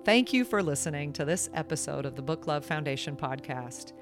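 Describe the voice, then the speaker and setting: A woman's voice: deep voice, expressive, brisk. A woman hosting an education podcast, speaking in an earnest, reflective way. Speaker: podcast host. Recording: music bed under voice.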